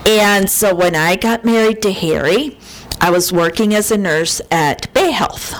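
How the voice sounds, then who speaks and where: Slow-talking woman telling a humorous sermon story. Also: mid-range voice, animated, poor audio. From Buffalo, New York. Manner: humorous, storytelling, laughs often. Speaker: speaker at a church service. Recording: noticeable background noise.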